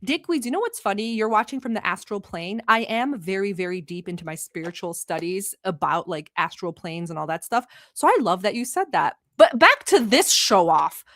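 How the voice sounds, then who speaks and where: Lively chatty woman livestreamer. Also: mid-range voice, brisk, hardly any pauses, dry recording, clean studio sound. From Middle East. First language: not English. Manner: chatty, teasing, reading out viewer names. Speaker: livestream host reacting to videos. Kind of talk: casual livestream chat with viewers.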